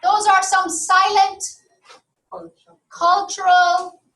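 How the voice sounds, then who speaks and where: High-voiced woman lecturing a class. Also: little pitch movement, extremely slow, a bit bright. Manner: conversational, asks the class for agreement. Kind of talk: university lecture. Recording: echoey room from far off.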